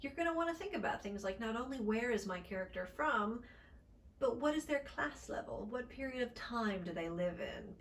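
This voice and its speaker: A woman speech coach giving an accent lesson, with upbeat, encouraging delivery and crisp, deliberate articulation. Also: medium pitch, a bit bright, distant mic, a little hiss or hum.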